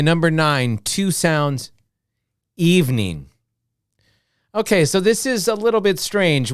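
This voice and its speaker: An American man teaching a beginner English lesson, repeating each word slowly and punctuating everything with "okay". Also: on the high side, clear, resonant tone, dry recording, clean studio sound. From United States. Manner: drills words slowly, repeating each one with many "okay"s.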